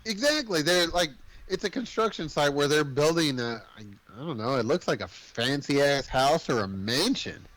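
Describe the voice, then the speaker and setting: Animated, profane man recapping a movie. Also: a little high, moderate pace, hardly any pauses, rough recording. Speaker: podcast co-host. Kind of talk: casual movie recap chat.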